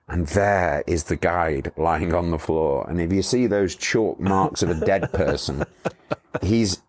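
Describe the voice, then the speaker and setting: Man, very low voice, middle-aged, chatty guest, rambling anecdotes with restarts. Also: a little mellow. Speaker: motorcycle tour company owner, guest. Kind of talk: casual storytelling interview.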